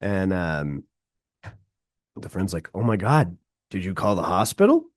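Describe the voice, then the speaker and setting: A man's voice: low voice, sing-song, measured pace, no room sound. A man hosting a radio show, chatting casually and with enthusiasm in a studio, saying "like" a lot. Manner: enthusiastic, laid-back, says "like" often. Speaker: radio host. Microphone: studio mic.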